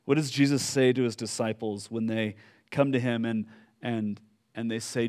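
A man preaching a sermon, telling a story slowly with fillers and pauses, dropping soft at solemn moments. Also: mid-range voice, fairly even intonation. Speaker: pastor.

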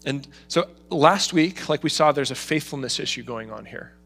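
Male pastor, slightly raised pitch, expressive sermon delivery with faint music behind. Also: normal speed, vocal fry, breathy edge. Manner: expressive, voices God's pleading in emotional asides.

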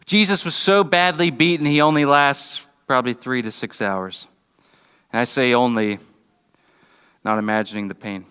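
A man preaching a sermon, earnest and halting, often restarting his words and briefly acting out mocking voices. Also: mid-range voice, sharp tone, clean tone, long reverb tail. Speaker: pastor. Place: church building.

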